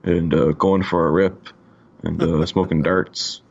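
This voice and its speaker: Gravelly, very low-voiced Canadian man. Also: fairly even intonation, a little slow, darkish tone, muffled recording. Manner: laid-back, profane, full of fillers. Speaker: podcast co-host. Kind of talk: casual chat.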